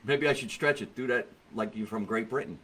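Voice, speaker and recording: A middle-aged man hosting a comedy podcast, telling stories in a jokey, animated way with quoted voices. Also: lowish voice, a little fast, breathy edge, low-quality recording. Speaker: podcast host. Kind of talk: comedic casual chat. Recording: faint background noise.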